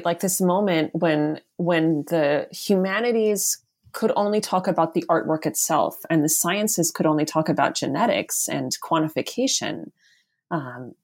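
A woman's voice: lowish voice, vocal fry, breathy edge. A woman, an author, answering an interview question about her book, thinking aloud with many ums and restarts. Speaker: author and guest.

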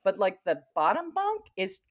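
A woman co-hosting a podcast in casual chat, sassy and quick with a joke, laughing often as she tells stories. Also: mid-range voice, wildly swooping pitch.

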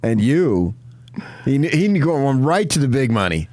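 A man's voice: mid-range voice, sing-song, moderate pace, darkish tone, dry recording. A middle-aged man from New Jersey, chatting casually and telling rambling anecdotes as a co-host. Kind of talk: casual chat.

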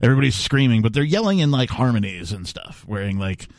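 A man's voice: medium pitch, big pitch swings, fast, no room sound, studio quality. A man hosting a talk radio show, chatting casually with lots of laughter and fillers. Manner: laughs often, rambling with filler words. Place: radio studio.

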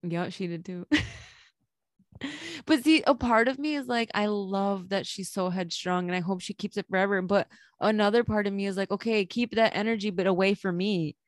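A woman's voice: mid-range voice, normal speed, no echo. A young woman co-hosting a podcast in casual chat, candid and laughing, swearing freely and slipping into Spanish phrases. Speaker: podcast co-host.

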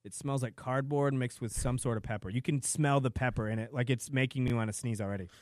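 A man's voice: medium pitch, fairly even intonation, fast talker, a little mellow, no echo, studio quality. Laid-back man chatting dryly. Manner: rambling, self-mocking, laughs through pain. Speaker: co-host trying a hot chip. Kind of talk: casual chat.

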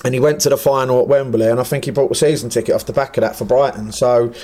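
A man's voice: mid-range voice, steady tone, fast, warm tone. A man from England who manages a football team, a guest on a chat podcast, speaking plainly with many "yeah, no" fillers. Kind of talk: casual chat.

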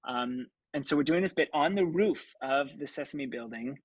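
A man in his thirties from Kansas, a puppeteer telling stories in a casual interview, animated and full of filler words. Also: mid-range voice, normal speed, dry recording, rough recording. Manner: animated anecdote-telling, acts out quoted voices, many ums. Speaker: puppeteer and actor, guest.

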